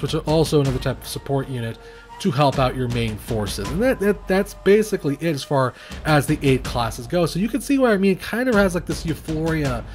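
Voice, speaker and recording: A young man giving rambling, self-mocking commentary while playing and reviewing a strategy game, now and then shouting at his units. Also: fairly high pitch. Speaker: gaming video reviewer. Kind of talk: casual gameplay commentary.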